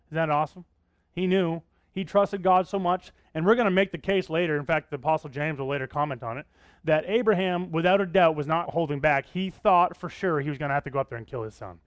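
A male pastor preaches a Bible sermon in a conversational way, often stopping to ask his listeners questions. His voice sits a little high for a man, and the sound is dry and close. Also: quick pace, dry recording. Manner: conversational, asking the congregation questions.

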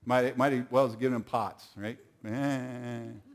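A man's voice: medium pitch, fairly even intonation, measured pace. Folksy man preaching a sermon. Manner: folksy storytelling, calls on the audience.

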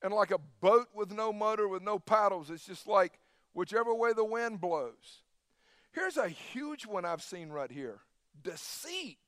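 Male pastor, sermon delivery, emphatic, slightly high voice, dry close sound. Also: animated, measured pace, fairly bright tone, clean tone, no room sound.

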